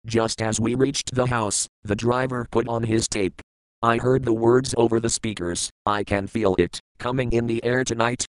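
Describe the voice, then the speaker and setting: A male audiobook narrator telling a first-person story in a measured, plain way. His voice is smooth and clear at a middle pitch. The recording is dry and close, with no room sound. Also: no room sound, rough recording.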